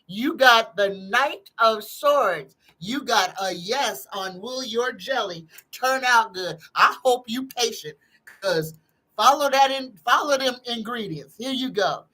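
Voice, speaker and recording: A woman's voice: a little high, expressive, slow pace, pushed and bright, breathy edge, poor audio. A woman hosting a live tarot stream, chatting casually in a folksy way and greeting her viewers one by one.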